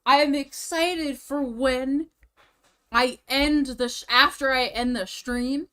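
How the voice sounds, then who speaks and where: A woman's voice: sits high, fairly even intonation, takes it slowly, fairly bright tone. A young woman live-streaming, chatting casually and rambling, out of breath after eating. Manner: rambling, restarts sentences, chatty.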